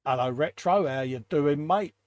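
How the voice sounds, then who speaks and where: A man's voice: on the high side, moderate pace, a little mellow. A British man hosting a casual live stream, greeting viewers one by one in a chatty, matey way. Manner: chatty, greets viewers, calls everyone mate. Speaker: host.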